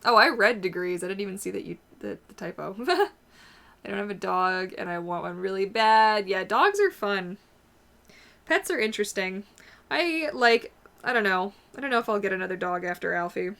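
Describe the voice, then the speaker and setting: A woman's voice: medium pitch, expressive, normal speed, creaky, a bit bright. Chatty woman hosting a livestream. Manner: chatty, reads out and answers viewer comments. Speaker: livestream host. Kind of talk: casual livestream chat.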